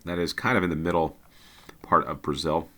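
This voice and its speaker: Deep-voiced man musing through a map game. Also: fairly even intonation, brisk, a bit bright. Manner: thinking aloud, hesitant with many ums. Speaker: game commentator. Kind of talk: casual gameplay commentary.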